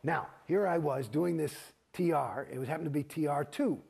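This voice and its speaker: A middle-aged man, an actor, telling his own story in an interview, profane and animated, acting out the exchanges he describes. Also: fairly high pitch, normal speed, creaky, slightly rough. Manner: profane, animated, gets heated and acts out quoted exchanges.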